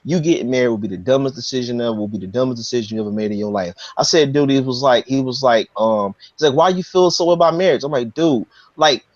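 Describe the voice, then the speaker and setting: A man's voice: medium pitch, fast talker, hardly any pauses, no room sound. A man recounts a story in a loose, fired-up way, swearing freely and tripping over his own restarts. The audio is dry and a bit dull. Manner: animated, profane storytelling with many restarts. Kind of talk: casual chat.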